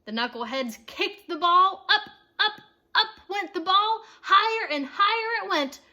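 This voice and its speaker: A woman reading a children's chapter book aloud, with expressive, playful storytelling and asides to her listeners. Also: very high-pitched, measured pace.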